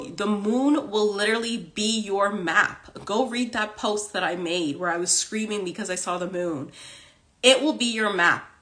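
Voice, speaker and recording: Bright-voiced woman hosting a chatty livestream. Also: mid-range voice. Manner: chatty, fills speech with "like" and "okay?". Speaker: host. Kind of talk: casual livestream talk on spirituality. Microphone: phone on a livestream.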